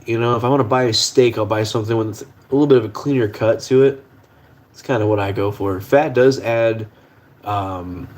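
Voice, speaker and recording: A young man hosting a casual livestream from his kitchen at the stove, rambling in a laid-back way and swearing casually. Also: medium pitch. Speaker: livestream host.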